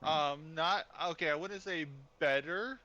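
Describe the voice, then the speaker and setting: A man's voice: on the high side, a little slow, sharp tone, lo-fi sound. A man joking goofily with his tabletop group before the game. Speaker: player.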